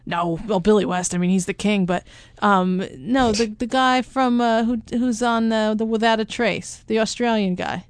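Woman co-host, casual and chatty, halting delivery, dry close recording. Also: mid-range voice, fairly even intonation, smooth, no echo. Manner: chatty, halting, laughs often. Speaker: podcast co-host. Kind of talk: casual chat.

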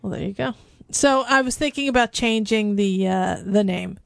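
A woman's voice: medium pitch, moderate pace, creaky, no room sound. A woman co-hosting a movie review podcast in casual, teasing chat. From United States. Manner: playful, teasing, laughs often. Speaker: podcast co-host.

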